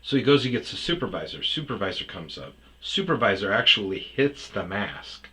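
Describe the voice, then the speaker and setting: A man's voice: on the low side, very animated, moderate pace, bright, forceful tone, rough recording. A man casually telling his own story as host, rambling and acting out other people's lines.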